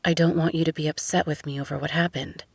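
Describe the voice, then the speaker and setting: Woman doing a soft-spoken young rich guy, low and hushed, dry sound. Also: fairly even intonation, quick pace, gravelly, dry recording. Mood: tender. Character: billionaire young man, guarded, tender.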